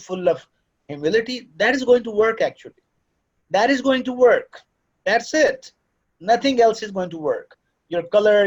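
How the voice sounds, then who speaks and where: A man's voice: sits high, highs cut off. A man lecturing students in a paternal way, slipping into at times. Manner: fatherly, lecturing, switches into Urdu. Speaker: course director and lecturer. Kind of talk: classroom talk to students. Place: classroom.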